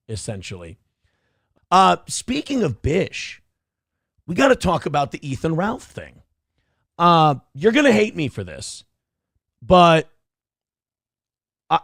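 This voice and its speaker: Brief: crude, rambling male commentary host, raised pitch, gravelly fry, dry close sound. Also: a bit bright, dry recording. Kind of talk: casual commentary podcast. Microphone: wears headphones.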